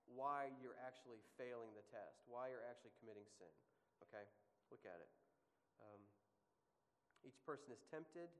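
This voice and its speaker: Man teaching a Bible class in a hall. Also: medium pitch. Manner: questioning the class, emphatic. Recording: long hall reverb.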